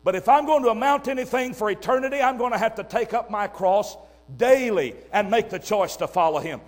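An older man preaching a sermon, emphatic and swinging between loud and hushed delivery. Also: high-pitched, a little fast.

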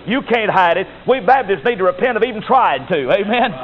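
A man's voice: high-pitched, lively intonation, a little fast. A man preaching a sermon as a Baptist pastor, emphatic and repetitive, building to rising exhortations. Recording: tinny phone-like recording with faint hiss.

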